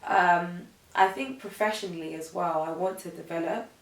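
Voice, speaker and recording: A woman's voice: lowish voice, moderate pace, vocal fry, roomy sound, far from the mic, low-quality recording. A woman in her twenties, a guest chatting casually and reflectively, with lots of fillers. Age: 20s. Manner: relaxed, reflective, uses many fillers. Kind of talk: casual chat.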